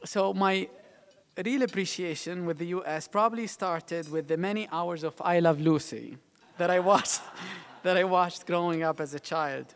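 A middle-aged man from the United Arab Emirates, a diplomat giving a public speech, halting with many fillers and restarts. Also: high-pitched, smooth, long reverb tail.

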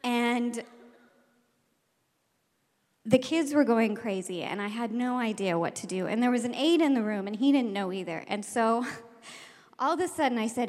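A woman, a teacher, telling a personal story to an audience, acting out voices and shouting the quoted lines. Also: fairly high pitch, a little slow, long pauses, big-room sound.

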